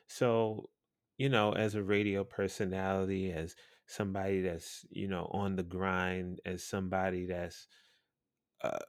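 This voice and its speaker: Deep-voiced profane man telling stories. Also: flat delivery, measured pace, no echo, clean studio sound. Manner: blunt, profane, laughing storyteller. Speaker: podcast host and radio personality. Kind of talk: casual storytelling podcast.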